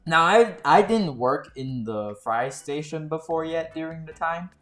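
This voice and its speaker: A man's voice: fairly high pitch, expressive, unhurried, fairly bright tone. A young man tells job stories in a loose, exasperated rant. He swears freely, and his voice keeps climbing into heated outbursts. The room is echoey, with faint music underneath. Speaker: storytime vlogger. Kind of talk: casual storytelling rant. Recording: roomy echo with faint music.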